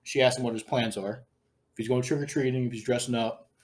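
A man's voice: medium pitch, steady tone, fast talker. Crude, chatty male podcast host. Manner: crude, laughing storyteller. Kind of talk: casual chat, retelling a scene.

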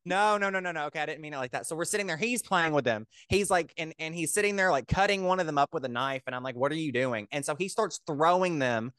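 A young man in his twenties co-hosting a podcast, telling a story in a casual, animated way full of "like". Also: a little high, quick pace, hardly any pauses, clear, resonant tone, dry recording, clean studio sound. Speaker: podcast co-host. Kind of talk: casual chat.

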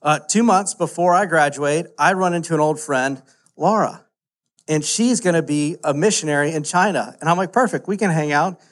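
A man, preaching a casual, animated story-driven sermon full of "like" fillers. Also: a little high, normal speed. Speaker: pastor.

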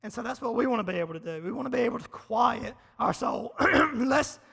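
High, bright-voiced preacher in a hall. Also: male voice, fairly quick, gravelly, slightly rough. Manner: energetic, conversational, repeats phrases for emphasis. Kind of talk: casual, humorous sermon. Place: large hall before a live audience. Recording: long hall reverb.

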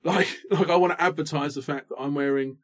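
A man in his late thirties with a slightly higher voice than most men, co-hosting a comedy chat. He rants in an animated, self-mocking way, often breaking into laughter. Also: fairly quick. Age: 30s. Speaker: podcast co-host. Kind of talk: comic rant in casual chat.

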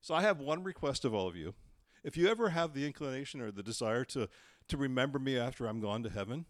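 A man preaches with animated storytelling, his voice climbing high when he acts out the people in the story and dropping low and quiet for the serious points. His pitch sits in the middle for a man. The sound is dry and close, with no room echo. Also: fast. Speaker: pastor. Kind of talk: sermon.

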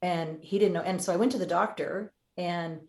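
A woman's voice: lowish voice, steady tone, moderate pace, darkish tone. A woman in her fifties, a podcast guest, telling a personal story candidly and acting out what people said. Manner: candid, acts out quoted voices.

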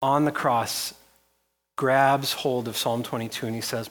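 A man's voice: mid-range voice, fairly even intonation, a little slow, a bit bright. A man preaching a sermon as pastor, reading scripture aloud with rising intensity and repeating phrases.

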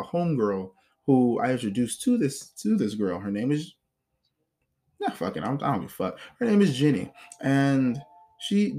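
A man casually telling a personal story about past relationships in a blunt, profane way, acting out what others said. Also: medium pitch. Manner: blunt and profane, animated when mimicking others. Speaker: self-help vlogger.

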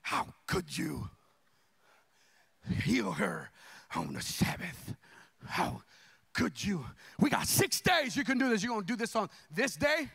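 A man's voice: sits high, very animated, takes it slowly, vocal fry, long pauses, a bit bright, breathy edge, no echo, full character voice. A man voicing a petulant male synagogue leader who sputters in protest like a sulking child. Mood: indignant. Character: indignant male synagogue leader throwing a tantrum.

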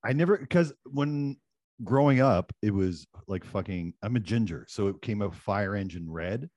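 A man's voice: fairly low pitch, lively intonation, normal speed, darkish tone, no room sound. A middle-aged man from Newfoundland, Canada, co-hosting a casual video call chat, laughing often and poking fun at himself. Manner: laughs often, self-mocking. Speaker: co-host.

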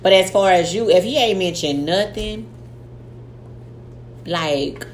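A woman's voice: medium pitch, slow. A woman co-hosting a podcast, giving blunt, slangy advice in casual chat. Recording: echoey room with faint noise.

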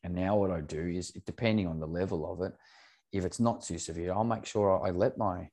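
A man's voice: low voice, a little fast, mellow. A man talking earnestly and openly as a podcast guest, swearing casually as he speaks. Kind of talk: candid podcast conversation.

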